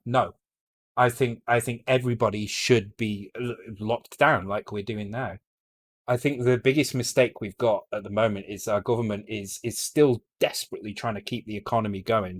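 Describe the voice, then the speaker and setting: A British man on a live coding stream, thinking aloud in a blunt way, swearing freely and often breaking off to restart his sentences. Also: fairly low pitch. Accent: British English. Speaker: streamer coding a retro game. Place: home.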